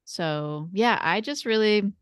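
Podcast cohost lady, low smooth voice, dry close sound, thoughtful. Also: expressive, takes it slowly, no echo. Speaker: podcast co-host. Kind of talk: casual podcast book discussion.

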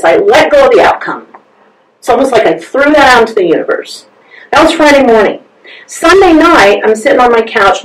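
A woman, a guest on an interview podcast, telling a personal story with lots of energy and acting out both sides of the conversations. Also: a little high. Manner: acts out both sides of conversations, laughs often. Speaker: interview guest, massage therapist. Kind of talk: animated storytelling. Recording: roomy sound from a distance.

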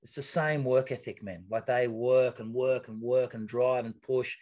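A middle-aged man, sitting as a guest in a podcast interview. He tells stories in a casual, lively and chatty way, often tripping over and repeating words as he goes. His voice sits at an ordinary mid pitch. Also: moderate pace. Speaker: podcast guest, retired athlete.

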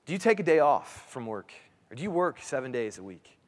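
A man's voice: medium pitch, big pitch swings, a little fast. A man in his thirties preaching a sermon in a conversational way, restarting phrases and asking his listeners "right?". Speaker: pastor. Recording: long hall reverb.

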